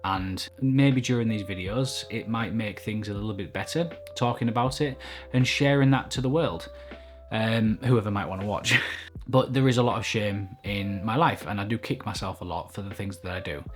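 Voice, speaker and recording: A fairly low-voiced man speaks to camera in an open, self-critical, reflective way. It is a candid personal vlog recorded indoors at home, with soft music playing faintly underneath. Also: normal speed. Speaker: vlogger. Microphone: camera mic at desk.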